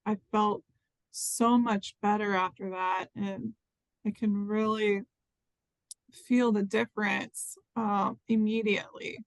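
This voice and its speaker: A woman giving an earnest, halting personal testimony with many fillers. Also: medium pitch, dry recording, low-quality recording. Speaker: interview participant.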